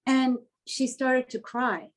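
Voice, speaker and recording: A woman's voice: high-pitched, takes it slowly, rough recording. A woman artist telling a story in an interview, speaking in a heartfelt, earnest and openly emotional way.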